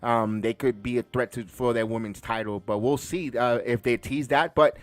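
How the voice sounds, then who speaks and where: In a laid-back wrestling recap, a male podcast host speaks at a moderate pace with an ordinary middle pitch, eager and rambling, full of fillers and restarts. The sound is dry and close, with no echo or room.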